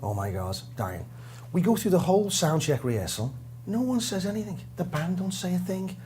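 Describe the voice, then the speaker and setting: A man from Liverpool with a Liverpool accent, a guest drummer telling a lively, self-mocking story in an interview. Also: sits high, brisk, slight background noise. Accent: Liverpool English. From Liverpool, England.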